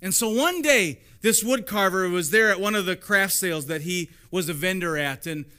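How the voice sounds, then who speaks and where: A man's voice: high voice, normal speed, bright, forceful tone. A man preaching a sermon as pastor in a church, conversational and storytelling, repeating lines for emphasis.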